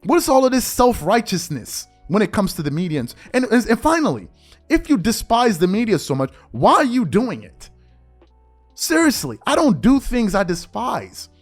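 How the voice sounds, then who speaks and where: A man with a high voice hosts a sports show and rants through an opinion monologue. He fires off exasperated rhetorical questions, and his pitch swings widely. Soft music plays underneath. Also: big pitch swings, moderate pace.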